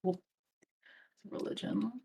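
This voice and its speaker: A woman's voice: slow pace, mellow, a little hiss or hum. A woman playing in a tabletop game, describing her character's actions in a tentative way and thinking aloud with fillers. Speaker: player. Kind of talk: casual tabletop game play.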